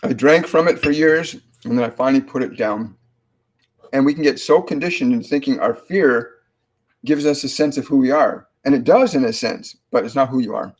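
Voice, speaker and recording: Halting, calm man relaying spirit messages. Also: mid-range voice. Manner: halting, many restarts and fillers, calm. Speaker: psychic medium host. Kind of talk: live channeling reading.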